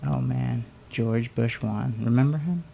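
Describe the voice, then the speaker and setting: Man, podcast co-host, gravelly voice, casual chat, joking. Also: medium pitch, a little slow, warm tone, slight background noise. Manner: chatty, joking, laughs often.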